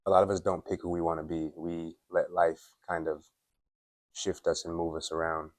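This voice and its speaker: Very deep, flat-voiced man giving blunt life advice. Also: normal speed, no echo. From Dominica. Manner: candid, opinionated, filler-heavy with frequent "like"; clears his throat often. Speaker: self-improvement vlogger. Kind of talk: casual motivational monologue. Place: at his workplace.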